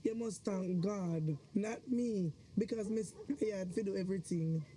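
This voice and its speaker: A woman's voice: medium pitch, measured pace, dark tone, slight background noise, natural voice. A woman playing a prim scolding Jamaican churchwife. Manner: scolding, insisting on respectability. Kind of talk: Jamaican film drama acting.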